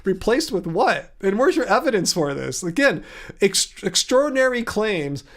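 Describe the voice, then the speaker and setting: Sarcastic, high-voiced livestream host. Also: male voice, very animated, moderate pace. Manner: sarcastic and incredulous, rambling with many fillers. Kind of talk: casual livestream chat responding to comments.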